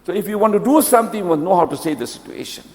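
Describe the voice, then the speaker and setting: Guy preaching at a wedding in a mosque, talks fast, keeps repeating his points, big echoey hall. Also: high voice, lively intonation, darkish tone. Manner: exhorting, repeats key phrases, drops Urdu and Arabic words. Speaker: speaker giving a talk at a nikah ceremony. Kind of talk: wedding sermon with anecdotes and closing prayer. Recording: long mosque reverb.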